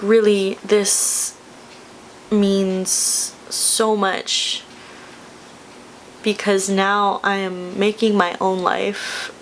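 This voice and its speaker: A woman's voice: mid-range voice, a little hiss or hum. Young woman, vlogger, choked up and giddy, rambling, mid-range voice. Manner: tearful, laughing, rambling with many fillers. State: emotional, close to tears. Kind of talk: emotional personal vlog.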